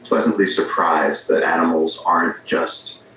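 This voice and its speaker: Deep-voiced man telling a story in an echoey room. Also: unhurried. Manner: rambling, restarts sentences, animated storytelling. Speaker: podcast guest. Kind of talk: casual conversational storytelling. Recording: very echoey room with faint ambience noise.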